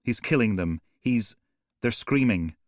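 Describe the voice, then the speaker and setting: A man's voice: on the low side, moderate pace, darkish tone, dry recording, studio quality, close to an everyday voice. A man voicing a frantic young woman on an emergency call, pleading and breathless. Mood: panicked.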